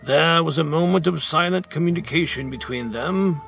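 A man reading a picture book aloud with dramatic, emphatic storytelling, with music clearly behind him. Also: a little high, a bit bright. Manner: dramatic, slow, emphatic narration. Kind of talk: expressive read-aloud storytelling.

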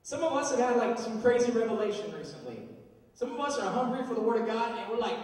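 A man preaching as a youth pastor, in a lively, casual way to young people, in a large church hall. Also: very high-pitched, fast. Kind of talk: sermon. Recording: echoey hall from far off.

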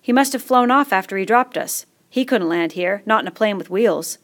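Woman reading a calm, offhand fair-haired boy. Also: mid-range voice, normal speed, lightly acted. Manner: offhand, brief replies.

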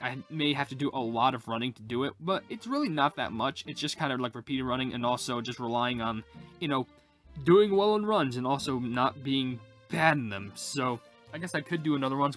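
A man giving casual, rambling gameplay commentary as a YouTuber, getting excitable at close calls. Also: fairly high pitch. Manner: rambling, excitable, lots of fillers. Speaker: gaming YouTuber.

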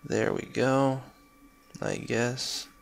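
Here a young man gives let's play commentary in a bright, forceful, medium-pitched voice marked by vocal fry. He curses his own mistakes, vents his frustration, and throws in sarcastic asides.

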